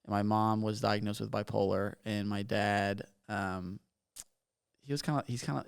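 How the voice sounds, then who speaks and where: A man's voice: on the low side, steady tone, moderate pace, creaky, clear, resonant tone. A young man from Bermuda telling his story as a podcast guest, talking casually and rambling with lots of "like". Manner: rambling, filler-heavy with frequent "like".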